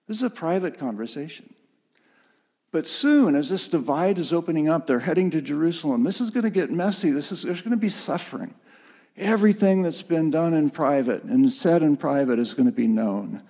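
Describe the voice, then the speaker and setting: A man preaching a sermon in an earnest, gently emphatic way, heard in a church sanctuary. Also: a little high, expressive, brisk, breathy edge, long reverb tail. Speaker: pastor.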